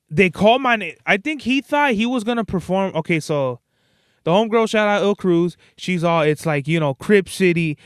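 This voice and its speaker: Podcast host, male, swears constantly in casual slang, clear voice with a dry, close sound. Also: a little high, no room sound. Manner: profane, slangy, rambling storytelling. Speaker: podcast host and stage performer. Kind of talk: casual solo monologue.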